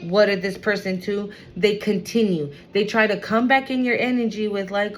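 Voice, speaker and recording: A woman's voice: medium pitch, fairly even intonation, moderate pace, few pauses, slight background noise, low-quality recording. A woman giving a spiritual card reading to her viewers, emphatic and repetitive. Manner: emphatic, repeats phrases, addresses viewers as y'all. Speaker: tarot reader.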